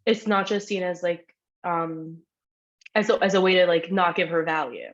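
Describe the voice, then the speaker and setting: A woman's voice: on the low side, normal speed, highs cut off. A woman answering a question in a class discussion, hesitant and searching for words. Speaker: class participant.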